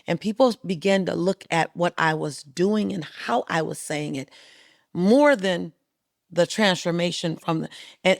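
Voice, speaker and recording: A middle-aged woman telling a story as a guest in a podcast interview, lively and acting out the voices of the people she quotes. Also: on the low side, vocal fry, no room sound, clean studio sound. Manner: animated, acts out quoted voices. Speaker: guest speaker.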